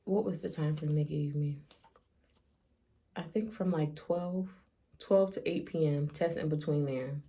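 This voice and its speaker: A woman's voice: low-pitched, a little slow, long pauses, dark tone, a little hiss or hum. A woman speaking emotionally to her vlog audience, near tears as she confides. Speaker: vlogger. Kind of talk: personal vlog confession.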